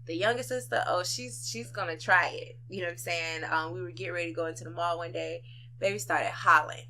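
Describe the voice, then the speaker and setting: A woman with a bright, lower-pitched voice talks her way through her views in a relaxed podcast chat. She is reflective and emphatic and keeps asking whether her listener follows her. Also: fast talker. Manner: reflective and emphatic, often asks "you know what I'm saying". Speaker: podcast co-host. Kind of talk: casual unedited conversation.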